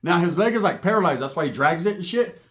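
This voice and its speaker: A man from Northern California spins a crude street story, swearing constantly and checking in with "right?". His voice sits a little high, and he tells it in a casual, animated way. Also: fast talker. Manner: profane, animated, rhetorical "right?".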